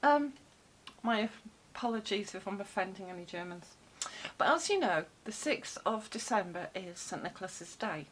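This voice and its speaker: Speaking at a normal speed into a desk mic, a woman chats loosely to camera in a home vlog, dropping plenty of fillers and dry little asides while cats roam the room. Her mid-range voice is expressive with a fairly bright tone. There's slight background noise, and the recording quality is poor.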